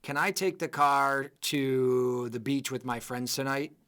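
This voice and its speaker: A man's voice: medium pitch, a little slow, a bit bright, natural voice. A man voicing a teenage son asking his father for the car, in an eager asking tone.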